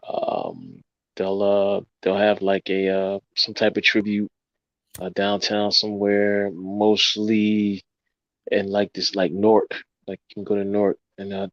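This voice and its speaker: A man co-hosting a podcast, reminiscing in a relaxed way with many pauses and fillers. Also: sits low, no room sound, highs cut off. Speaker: podcast co-host. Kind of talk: casual chat.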